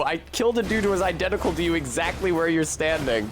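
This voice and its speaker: A man's voice: fairly high pitch, lively intonation, fast, hardly any pauses, over music. A man streaming a video game, chatting casually in a rambling, profane and wry way. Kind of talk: casual gameplay commentary.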